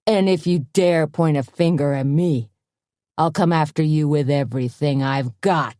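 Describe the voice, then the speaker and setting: A woman's voice: low voice, moderate pace, mellow, dry recording, clean studio sound, lightly acted. A woman voicing a drunk, menacing man at a bar, barking threats.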